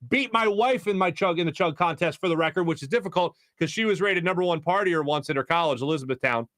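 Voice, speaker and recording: Fast-talking and fairly high-pitched, a man in his thirties with a Philadelphia accent hosts a sports talk show. In a dry recording from a radio studio on a studio microphone, he tells energetic, rambling stories riddled with restarts.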